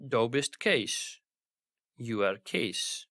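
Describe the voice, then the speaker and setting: A man teaching a language lesson in scripted narration, giving careful, slow pronunciation examples. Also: mid-range voice, big pitch swings, fairly bright tone, dry recording, studio quality.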